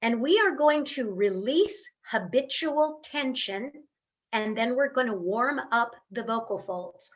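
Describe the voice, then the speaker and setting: A woman voice coach leading a guided vocal warm-up over a webcam, giving encouraging step-by-step instructions with long hums. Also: on the high side, expressive, a little slow, highs cut off. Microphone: webcam on a video call.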